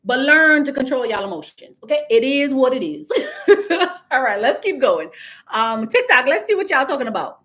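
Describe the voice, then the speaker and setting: A woman's voice: high-pitched, big pitch swings, moderate pace, fairly bright tone. A woman with a Caribbean accent, coaching viewers in a casual livestream and talking straight to them. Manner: chatty, addresses viewers directly, reads out comments. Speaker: business credit coach.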